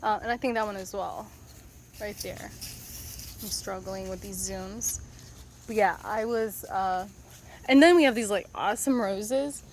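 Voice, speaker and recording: A woman's voice: medium pitch, a little slow, pauses often, slight background noise. A woman vlogging casually outdoors in her backyard, rambling and filling her speech with "like". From outside the US, moved there as a child. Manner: rambling, filler-heavy, says "like" constantly. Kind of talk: casual vlog chat.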